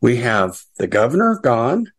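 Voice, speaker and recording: A man's voice: mid-range voice, huge pitch swings, measured pace. A middle-aged American man hosting a casual political commentary show, chatty and sarcastic with frequent asides.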